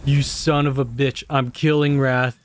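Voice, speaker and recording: A man's voice: mid-range voice, level tone, unhurried, slight background noise. A young man commenting on his own gameplay, exasperated and cursing often as he talks to himself. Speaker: gamer.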